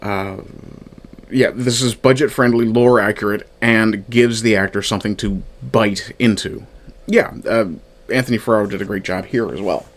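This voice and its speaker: A man's voice: on the low side, fairly even intonation, normal speed. A man casually reviewing a fan film from his notes, thinking aloud with frequent fillers and restarts. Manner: reads from his own notes. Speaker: media reviewer.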